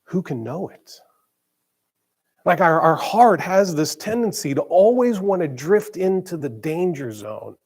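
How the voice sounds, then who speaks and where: A man, a church pastor, preaching conversationally with stumbles and repeated words, slowing down to stress key phrases. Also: sits high, expressive. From grew up in a small town. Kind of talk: sermon. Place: church sanctuary.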